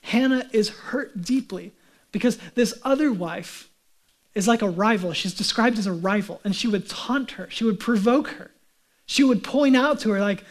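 A man's voice: sits high, moderate pace. A male pastor preaching a sermon in a conversational way, often putting rhetorical questions to his listeners.

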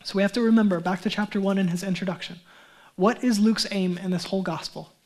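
A man's voice: sits high, fairly even intonation, fast talker, a little mellow. Man preaching a conversational sermon. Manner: conversational, asks and answers his own questions. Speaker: pastor.

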